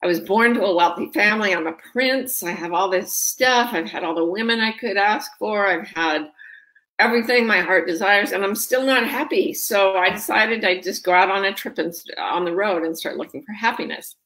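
A woman telling a story and quoting a sad, wealthy young prince in a plaintive, lowered voice. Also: moderate pace, fairly bright tone, lightly acted, poor audio.

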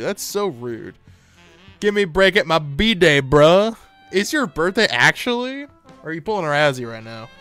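A man chatting casually on a live stream, teasing his viewers and breaking into laughs. His pitch rises and falls in lively swings. Faint music plays underneath. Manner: joking, talks to chat, lively bursts of laughter.

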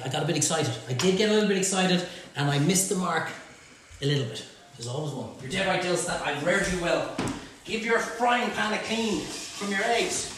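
A high-voiced Irish man leads a live cooking demonstration from his own kitchen, cracking jokes and chatting back to viewers' comments. The room is very echoey, with a faint hum of background noise behind him. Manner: jokey banter, reading out viewer comments. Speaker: chef hosting a live cook-along. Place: home kitchen.

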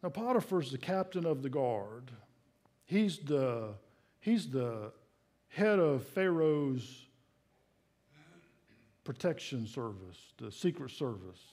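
A middle-aged man preaching a sermon in a church, earnest and personal, dropping to hushed asides. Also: medium pitch, sing-song, slow pace, pauses often. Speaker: pastor. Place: church sanctuary.

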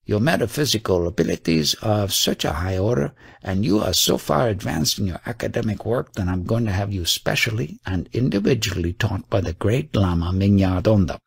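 Narrator doing a stern old abbot, low husky voice, storybook read. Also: male voice, lively intonation, fairly quick, few pauses, no echo, full character voice. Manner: stern, dry, authoritative.

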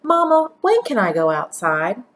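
A woman voicing an eager, impatient young girl who asks pleading, excited questions. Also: medium pitch, a little slow.

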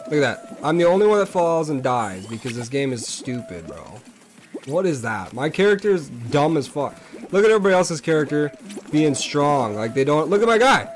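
Young male streamer for PC gameplay, foul-mouthed, veers from low muttering to shouting. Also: very animated, moderate pace, faint music behind. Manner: swings between mumbling asides and yelling outbursts. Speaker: gaming channel host. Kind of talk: profane gameplay commentary.

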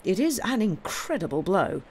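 A woman's voice: mid-range voice, sing-song, moderate pace, darkish tone, slight background noise, voice pushed up, natural voice. A woman voicing a nervous, formal doctor. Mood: grave. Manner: careful, formal, grim. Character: tall, nervous bearded village doctor, a man.

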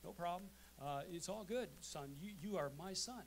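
A man's voice: high-pitched, moderate pace, gravelly, slight background noise. A male pastor preaching a sermon to his congregation, emphatic, often asking "amen?". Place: church sanctuary.

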